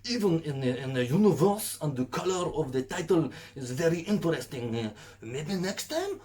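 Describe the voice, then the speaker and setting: A man doing a halting mock-french blogger guy. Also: on the high side, expressive, a little mellow, pitched above the performer's own voice, close to an everyday voice. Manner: halting, groping for words. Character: snooty French music blogger, male adult.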